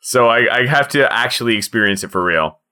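A man's voice: mid-range voice, lively intonation, brisk, bright, forceful tone. A man co-hosting a comedy podcast, playful and enthusiastic in casual chat. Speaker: podcast co-host.

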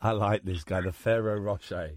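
A man hosting a radio phone-in, teasing a caller and quick to laugh. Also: lowish voice, fairly even intonation. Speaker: radio host. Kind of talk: phone-in banter. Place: radio studio.

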